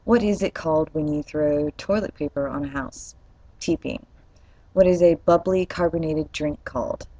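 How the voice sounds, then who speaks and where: A young woman from Atlanta with a mild local accent talks straight into her webcam. Her voice sits low and a little husky. She is frank and chatty, and swears casually. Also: normal speed, warm tone, no room sound, rough recording. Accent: Atlanta, Georgia. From Atlanta, Georgia. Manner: candid, chatty, casual cussing. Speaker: vlogger. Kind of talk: casual accent challenge vlog.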